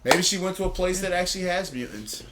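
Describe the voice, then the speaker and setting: Lively high-pitched male podcast co-host. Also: quick pace, heavy background noise. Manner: animated storyteller, laughs, swears. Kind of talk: casual chat.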